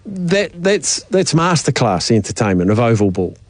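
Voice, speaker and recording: A man's voice: medium pitch, sing-song, moderate pace, no room sound. A man hosting a sports talk radio show, easygoing and bantering. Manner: easygoing, banters, laughs often. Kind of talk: casual sports radio chat.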